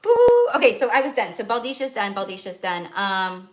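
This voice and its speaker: A middle-aged woman hosting a tarot livestream from a rural home, chatting in a rambling, animated way, full of "like" and the odd swear word. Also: medium pitch, a little fast, slight background noise. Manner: animated, filler-heavy ranting with frequent "like" and swearing. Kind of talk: rambling casual livestream chat.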